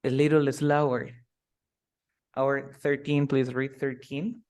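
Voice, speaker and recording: A man teaching English, who slows down to drill phrases and then speeds up to explain. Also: mid-range voice, level tone, a little mellow, clear, resonant tone. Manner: switches between slow drilled phrases and fast explanations. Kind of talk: live online English lesson.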